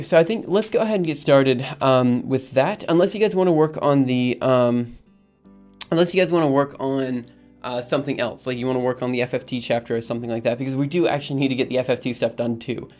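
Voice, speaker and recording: A man's voice: mid-range voice, quick pace, a little mellow. A man hosting a casual coding livestream, talking to chat in an upbeat, rambling way with many fillers, with faint music behind him. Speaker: livestream host.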